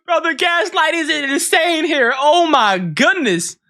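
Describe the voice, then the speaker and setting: A woman reacting to a story in an excitable, hyped, slangy way. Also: sits high, takes it slowly. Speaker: reaction host. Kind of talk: casual reaction commentary. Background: faint music.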